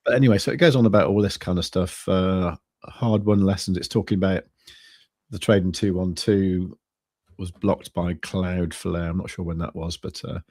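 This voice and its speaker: A man chatting casually as co-host of a crypto trading stream, rambling and halting, with many restarts and fillers. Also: low voice, steady tone, a little mellow, dry recording, studio quality. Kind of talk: casual chat.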